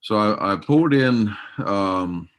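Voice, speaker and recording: Low-voiced man moderating a webinar. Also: lively intonation, slow pace, fairly bright tone. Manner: loose, rambling, filler-heavy. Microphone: video call.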